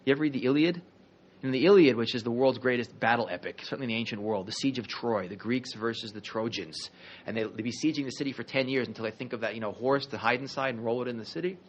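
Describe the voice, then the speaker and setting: Male lecturer, energetic storyteller with jokes, lo-fi classroom recording. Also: medium pitch, fast. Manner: animated, conversational, jokey asides. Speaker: rabbi teaching a history class.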